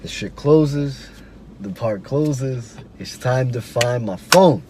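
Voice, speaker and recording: A man's voice: mid-range voice, slow, darkish tone, slight background noise. A man hosting a podcast, telling a story in a loose, slangy, profane way. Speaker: podcast host. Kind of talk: casual storytelling.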